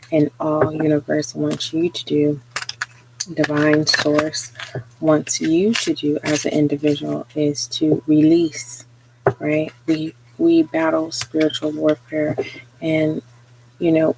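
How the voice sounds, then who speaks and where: A tarot reader giving a live spiritual reading, talking slowly and earnestly with frequent pauses and fillers. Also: medium pitch, creaky, noisy background. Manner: slow, hesitant, many pauses and fillers; earnest, encouraging.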